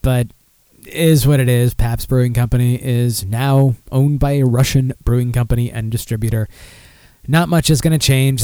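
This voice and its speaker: A man's voice: mid-range voice, mellow, smooth, dry recording. A man hosts a casual beer podcast from a room at home, rambling and poking fun at himself. His voice sits in a middle register, and it is recorded close on a desk mic with a dry, dead sound. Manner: rambling, self-deprecating, with many fillers and restarts. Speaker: podcast host.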